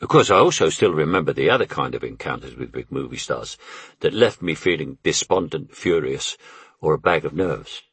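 An older man reads his memoir in a deep, husky voice, wry and anecdotal. The sound is dry and close, with no room around it. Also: lively intonation, moderate pace, a bit bright, dry recording. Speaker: memoir narrator. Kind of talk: memoir audiobook narration.

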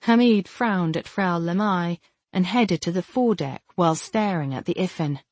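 A woman reading a fantasy novel aloud as an audiobook narrator, in a steady, even storytelling manner. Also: on the low side, normal speed, dry recording.

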